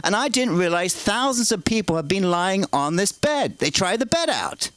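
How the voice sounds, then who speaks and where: A man doing stand-up at an open mic, rambling through absurd stories in a deadpan way on a comedy club stage. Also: high-pitched, normal speed, smooth, no room sound, poor audio.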